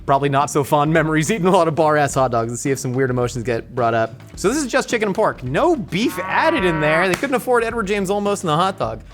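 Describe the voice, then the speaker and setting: A man hosting a casual, jokey cooking show, excitable and playful, with sudden jumps up in pitch.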